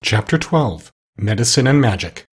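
A man narrating a children's novel as an audiobook, steady storytelling. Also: fairly low pitch, normal speed, slightly rough. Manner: steady storytelling, lively shifts for characters.

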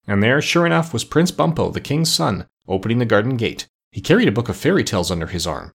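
A man reading a children's storybook aloud in a measured, expressive narration. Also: mid-range voice, vocal fry, slightly rough. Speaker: audiobook narrator.

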